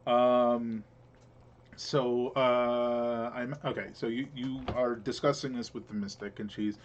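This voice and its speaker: A man's voice: medium pitch, little pitch movement, takes it slowly, muffled recording, slight background noise. Rambling male game master. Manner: rambling, many fillers and restarts. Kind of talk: narrating a tabletop game.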